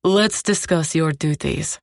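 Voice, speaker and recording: A woman voicing a cold, commanding male crime boss who speaks calmly and with clipped threat. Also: deep voice, normal speed, dry recording, clean studio sound.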